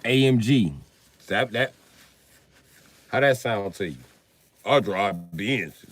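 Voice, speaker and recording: A man's voice: on the low side, takes it slowly. A man hosting a casual livestream, ranting and joking with a lot of swearing. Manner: animated, profane ranting, laughs at his own jokes. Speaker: livestream host.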